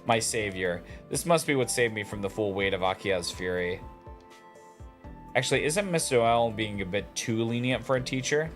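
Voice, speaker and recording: A man's voice: on the low side, normal speed, faint music behind. A man streaming a visual novel, chatting casually and reading the narration aloud.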